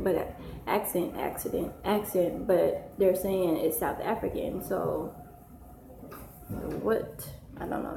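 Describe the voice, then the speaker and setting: A woman's voice: lowish voice, gravelly, warm tone. A woman hosting a casual live stream at home, reading viewers' comments and talking in a slangy, rambling way that keeps getting sidetracked. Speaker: live-stream host, mother. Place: home, with children nearby. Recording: echoey room with faint noise.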